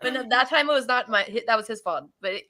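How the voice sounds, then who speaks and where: A woman hosting a podcast chat, with a fairly high, bright voice. She speaks politely and respectfully to her guest. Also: fast talker. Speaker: host. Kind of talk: casual chat.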